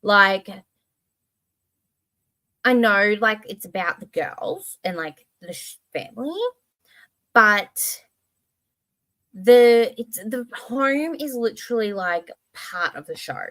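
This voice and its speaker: A woman's voice: mid-range voice, takes it slowly, pauses often. Chatty, rambling woman streamer. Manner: rambling, expressive, swears casually; reads chat comments aloud. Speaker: livestream host. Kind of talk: casual livestream chat.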